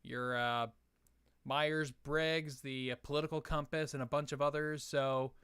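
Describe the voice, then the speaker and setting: A man's voice: a little high, level tone, unhurried, a bit bright, clear, resonant tone, no echo, clean studio sound. A young man hosting a casual live stream Q&A, answering chat questions in a hesitant way with many fillers and restarts.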